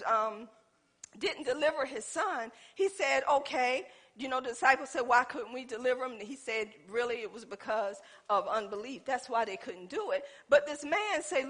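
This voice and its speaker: A woman's voice: high-pitched, normal speed, slightly rough. A woman preaching a sermon, telling stories and calling out to the congregation. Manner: animated storytelling, addresses congregation as y'all.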